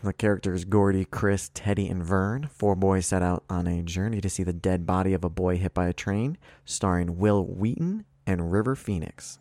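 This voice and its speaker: A man co-hosting a podcast, running a movie quiz and teasing his friend with profane banter, reading clues out slowly. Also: sits low, darkish tone, no room sound, studio quality. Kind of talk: casual banter.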